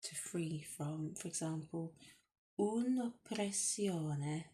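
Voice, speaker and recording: A middle-aged woman teaching a language lesson at a whiteboard, explaining slowly with many fillers. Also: low voice, steady tone, darkish tone, a little hiss or hum.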